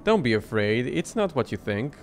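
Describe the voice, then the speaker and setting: A man reading game dialogue aloud as a soft-spoken, creepy male doll shop owner who talks calmly and quietly. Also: mid-range voice, moderate pace, faint music behind. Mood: coaxing. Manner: calm, quiet and unsettling.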